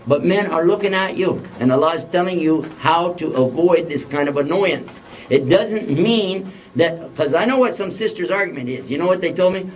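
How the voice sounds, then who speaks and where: A man's voice: a little high, animated, moderate pace, hardly any pauses, slight background noise. A man giving an Islamic lecture to a live audience, joking and putting questions to the listeners. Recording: voice a bit distant from the mic.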